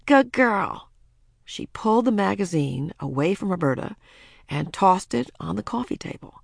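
Woman, storybook narrator, low pitch, gravelly, lively and expressive. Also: moderate pace, no room sound, clean studio sound. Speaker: audiobook narrator.

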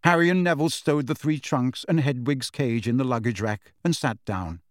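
Man reading an audiobook, middle pitch, steady, super dry close sound. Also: moderate pace, dry recording. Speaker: audiobook narrator. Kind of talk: scripted narration.

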